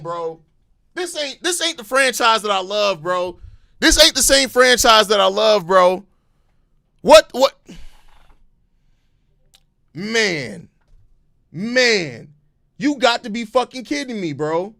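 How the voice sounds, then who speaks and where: A man's voice: sits high, slow pace, vocal fry, pauses often, dry recording, studio quality. A man hosting a sports podcast live, giving impassioned, heavily profane fan commentary. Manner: calmer, apologetic stretches between outbursts.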